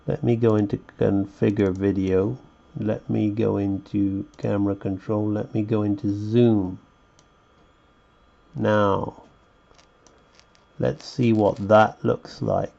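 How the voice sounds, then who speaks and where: A man's voice: lowish voice, flat delivery, takes it slowly, gravelly, long pauses, warm tone, muffled recording. A man teaching a live drawing lesson, rambling and chatty and thinking aloud as he sketches, heard through a webcam microphone. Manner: rambling, chatty, talks to himself while sketching. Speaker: animation teacher.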